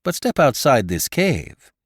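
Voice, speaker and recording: A man performs a big, brash Irish spaceman for a dry, close audiobook read. The brogue is folksy and swaggering, with lively swoops of pitch, and the cocky tough-guy bluster never lets up. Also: unhurried, dry recording. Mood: doubtful.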